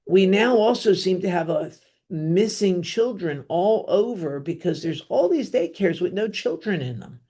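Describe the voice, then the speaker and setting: Middle-aged jersey-accent woman doing a solo podcast rant, warm mellow voice, blunt and rambly. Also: on the low side, lively intonation, unhurried. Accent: New Jersey. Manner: rambling, blunt, with offhand asides and frequent fillers. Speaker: podcast host. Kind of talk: opinionated solo podcast monologue.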